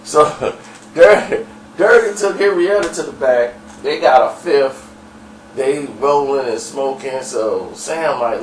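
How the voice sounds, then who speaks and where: A man's voice: mid-range voice, animated, a little slow, a little hiss or hum. Rambling man telling stories, roomy sound. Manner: rambling, laughing, full of fillers. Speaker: storyteller. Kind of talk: casual storytelling. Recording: echoey room, far from mic, faint ambience.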